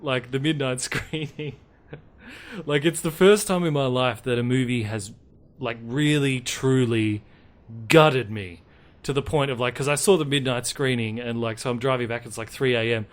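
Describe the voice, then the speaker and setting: Male co-host, lively storyteller, casual chat. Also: mid-range voice, normal speed. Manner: animated storytelling, acts out his own reactions. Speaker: podcast co-host.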